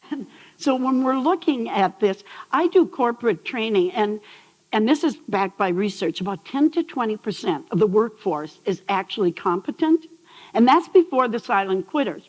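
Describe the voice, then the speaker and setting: An older woman speaks on stage in a large hall, her voice carrying a long trailing reverb. Her pitch sits in the middle, and she tells her stories with animated energy, often turning to the audience with questions. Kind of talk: TEDx talk.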